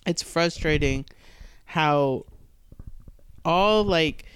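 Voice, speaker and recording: A woman's voice: low-pitched, extremely slow, clear, resonant tone, no echo. A woman comedian telling stories on a podcast, swearing freely and acting out what audiences said. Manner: animated storyteller, swears freely, acts out crowd quotes. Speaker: comedian guest. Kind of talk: casual podcast chat.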